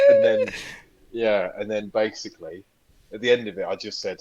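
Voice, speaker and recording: A young podcast co-host with a lowish voice tells energetic stories in casual chat, swearing freely, though he speaks a little slowly and pauses often. There's no room sound, and the highs are cut off.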